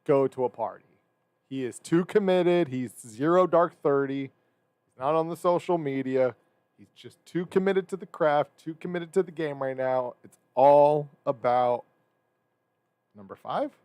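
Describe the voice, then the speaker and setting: A man's voice: a little high, darkish tone, smooth, no room sound. Rambling, joking male sports radio co-host. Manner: joking, rambling, quick to correct himself. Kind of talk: casual sports radio banter.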